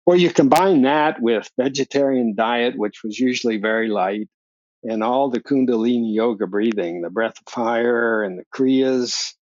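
A man's voice: mid-range voice, normal speed, no room sound, highs cut off. An older man, a podcast guest, telling long stories in a casual interview and acting out the voices of the people he quotes, with frequent laughs. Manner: animated storyteller, acts out quoted voices, laughs often.

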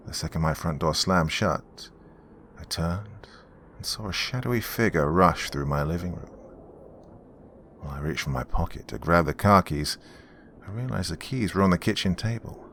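A man narrating a horror story in a measured, grim storytelling manner. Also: low voice, expressive, a bit bright, a little hiss or hum.

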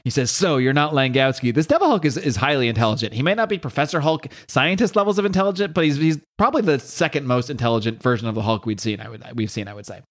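A man's voice: medium pitch, animated, racing, hardly any pauses. A man casually reading through a comic book, rambling, joking and correcting himself as he goes. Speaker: comic book recap host.

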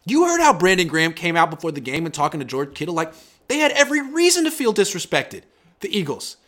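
Man, young, high bright voice, swings pitch a lot, casual podcast chat. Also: fast. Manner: animated, acts out quoted players with big loud jumps. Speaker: sports writer guest.

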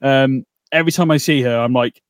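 A podcast co-host with a mid-range voice talks briskly in casual chat, rambling and bantering with mock outrage. The studio sound is clean with no echo.

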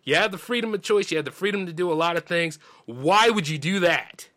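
A bright, forceful-sounding man with a Southern drawl holds forth on his own podcast. He rants emphatically, leaning hard into his points in a slightly high voice. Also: brisk. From Southern United States. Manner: ranting, emphatic, mimics others in a high voice. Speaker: podcast host. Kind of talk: opinionated monologue.

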